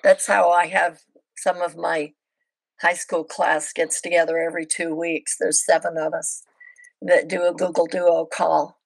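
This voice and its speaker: A woman's voice: on the low side, flat delivery, unhurried, creaky, no room sound, rough recording. An older woman, a podcast guest, telling her missionary stories in casual, chatty conversation. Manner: chatty, anecdotal. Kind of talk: casual storytelling interview.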